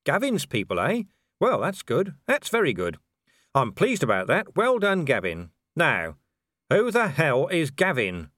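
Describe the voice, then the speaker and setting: A man voicing a gruff, battered middle-aged male commander who talks sarcastically. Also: on the high side, wildly swooping pitch, unhurried, a bit bright, no room sound, studio quality, pitched above the performer's own voice, exaggerated voice.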